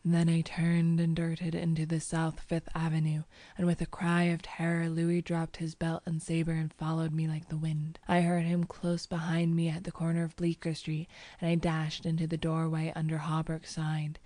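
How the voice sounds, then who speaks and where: Low, flat-voiced woman narrating an audiobook. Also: normal speed, dry recording. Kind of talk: first-person audiobook narration.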